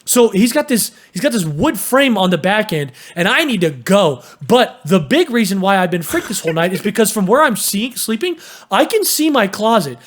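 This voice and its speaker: A young man co-hosting a casual podcast, telling stories in an animated way and swearing freely. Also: sits high, moderate pace. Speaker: podcast co-host.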